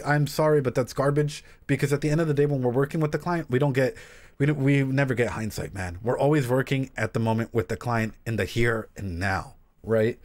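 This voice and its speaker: Brief: young man, therapist on a reaction stream, loose and animated, swears, addresses the chat directly. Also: medium pitch. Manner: animated, swears, talks straight to viewers.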